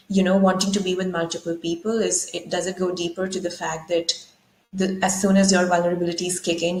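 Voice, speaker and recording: A woman's voice: lowish voice, a little mellow. A woman guest on a talk show, explaining ideas thoughtfully and posing rhetorical questions. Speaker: guest speaker. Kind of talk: conversational explanation. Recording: roomy echo.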